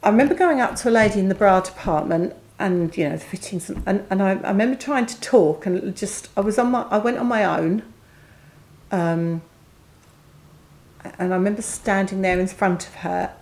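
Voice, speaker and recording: A woman's voice: medium pitch, moderate pace, a little mellow. A middle-aged woman chats candidly with friends, her voice sitting in an ordinary middle register. She tells her story openly and drops into quoted voices along the way. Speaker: co-host. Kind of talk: casual chat.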